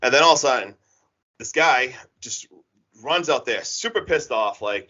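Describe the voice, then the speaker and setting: A man casually retelling a horror film's plot on a podcast, rambling and animated with lots of filler words. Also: medium pitch, a little fast. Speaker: podcast co-host recapping a horror film. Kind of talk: casual chat. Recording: dull lo-fi podcast audio.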